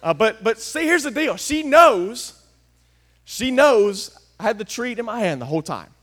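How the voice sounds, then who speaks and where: High-voiced preacher, hushed to shouting. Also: male voice, sing-song, moderate pace. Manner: folksy, swings from hushed to shouting. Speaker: pastor. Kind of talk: sermon.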